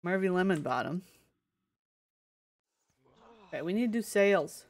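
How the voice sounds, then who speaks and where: A woman's voice: on the low side, lively intonation, normal speed, darkish tone. Playful woman streamer chatting casually. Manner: chatty, playful, thinks aloud. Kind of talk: casual live-stream chat while playing a game.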